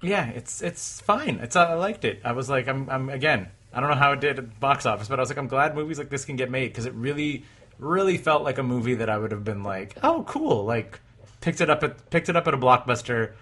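A man's voice: medium pitch, brisk, pushed and bright. A man hosting a podcast, chatting casually about movies in a rambling way, full of fillers and laughs. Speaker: podcast host.

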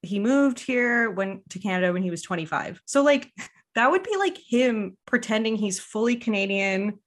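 A woman's voice: medium pitch, expressive, normal speed. Woman from quebec chatting on a podcast, lots of likes, laughs a lot. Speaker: podcast host. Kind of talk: casual chat.

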